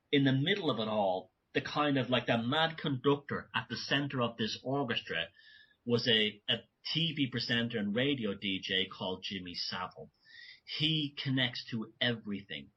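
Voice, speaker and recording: A man's voice: mid-range voice, husky, lo-fi sound. A man speaking as a guest in an interview, talking in long rambling runs with many restarts and self-corrections. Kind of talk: remote conversational interview.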